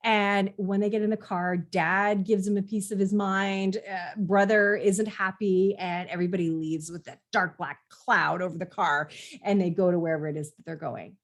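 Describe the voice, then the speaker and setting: A woman's voice: mid-range voice, steady tone, moderate pace. A middle-aged woman, a parenting coach, talking earnestly to parents in a conversational teaching style and sometimes acting out what parents and children say. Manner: earnest, explanatory, acts out quoted parents and kids.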